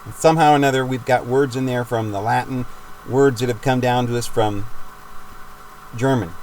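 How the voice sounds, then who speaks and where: A man's voice: mid-range voice, steady tone, normal speed, a little mellow, slight background noise, poor audio. A man giving a rambling, emphatic religious monologue for his videos, with frequent restarts. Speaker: video maker.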